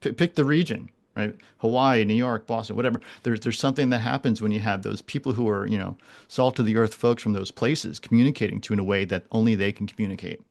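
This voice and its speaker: Gravelly, low-voiced man in his forties. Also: steady tone, quick pace, darkish tone. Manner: earnest, many restarts and repeated words. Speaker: guest, animal communicator. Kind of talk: casual podcast conversation.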